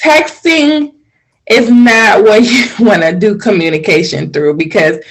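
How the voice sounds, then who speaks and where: Gravelly, animated woman co-host. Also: normal speed, a crowd in the background, poor audio. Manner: animated, acts out quoted reactions in a high voice. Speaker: podcast co-host. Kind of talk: casual chat.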